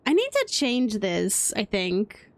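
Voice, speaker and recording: A woman's voice: medium pitch, huge pitch swings, takes it slowly, dry recording. A woman from Wales with a British accent, chatting playfully and rambling through live gameplay commentary as a streamer. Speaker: game streamer.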